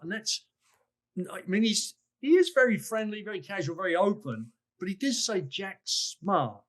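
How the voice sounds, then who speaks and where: A man's voice: high voice, moderate pace. A man with an English accent, a consultant guest on a recruiting podcast, breaking down a phone call and acting out quoted lines. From England. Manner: animated, acts out quoted lines. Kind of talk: podcast commentary.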